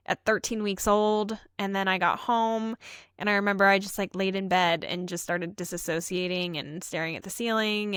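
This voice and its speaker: A woman's voice: medium pitch, a bit bright, clear, resonant tone, no room sound, clean studio sound. A woman co-hosting a casual podcast, an emergency vet tech telling her stories in an earnest, heartfelt way.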